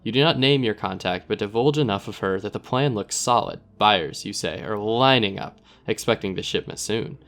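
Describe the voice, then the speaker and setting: Man, lowish voice, relaxed game narration and commentary, casting note. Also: normal speed, few pauses. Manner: relaxed, thinks aloud with fillers. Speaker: gaming video host. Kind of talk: reading game text aloud with commentary.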